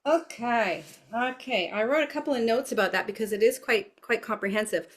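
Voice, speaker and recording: A woman's voice: a little high, fast talker. A woman dance educator answering interview questions, thinking aloud with frequent fillers and restarts. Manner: thoughtful, many fillers and restarts.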